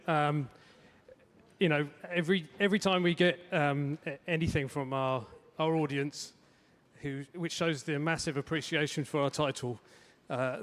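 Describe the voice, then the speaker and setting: A man accepts an award on stage, his speech halting and dotted with pauses as he gathers his thoughts. His voice is slightly high and echoes with long reverb in the large hall. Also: fairly bright tone. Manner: halting, many ums, proud. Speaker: award winner for a game team.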